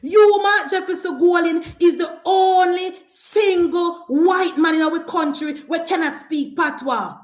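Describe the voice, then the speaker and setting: A woman's voice: extremely high pitch, a little slow, few pauses, reverberant. A woman with a Jamaican accent delivering an impassioned political rant as a commentator, scolding and emphatic, hammering the same attacks again and again.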